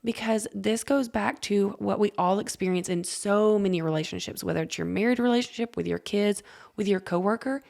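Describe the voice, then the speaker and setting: A woman's voice: medium pitch, a little fast, gravelly, a little mellow. A woman podcast host reflecting on what the guest shared and explaining ideas about emotions. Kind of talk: casual conversation.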